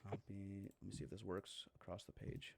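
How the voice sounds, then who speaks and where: A man's voice: sits low, level tone, a little fast, vocal fry, a little mellow. A man running a horror tabletop game as game master, narrating loosely with plenty of fillers.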